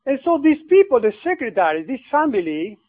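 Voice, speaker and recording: High-voiced priest on a tinny line. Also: male voice, sing-song, no echo. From Argentina. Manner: halting, repeats words, non-native grammar. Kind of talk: personal storytelling.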